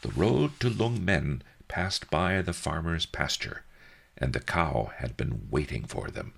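A male narrator reads an audiobook in an extremely deep, gravelly voice. His pace is slow and unhurried, and his wry, dry storytelling has a lively, rising and falling delivery.

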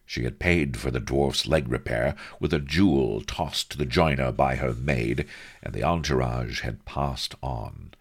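A man's voice: a bass voice, slightly rough. A man narrating a comic story in a dry, wry manner.

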